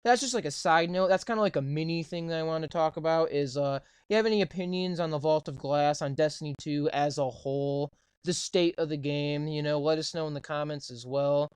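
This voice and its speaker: Profane ranting young podcast co-host. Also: male voice, fairly high pitch, a little fast, few pauses, a little mellow, clean tone, no echo. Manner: profane, ranting, repeats "right?". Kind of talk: casual gaming chat.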